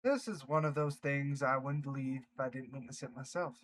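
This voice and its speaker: A man's voice: mid-range voice, fairly quick, a little hiss or hum, rough recording. A man reading online workplace stories aloud, breaking off for chatty reactions. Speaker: reddit story narrator.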